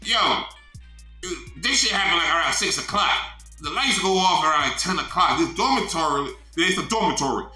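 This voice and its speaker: High, bright-voiced man telling a story. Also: moderate pace, roomy sound, faint music behind, poor audio. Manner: animated, profane, repeats "man" often. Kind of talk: casual storytelling.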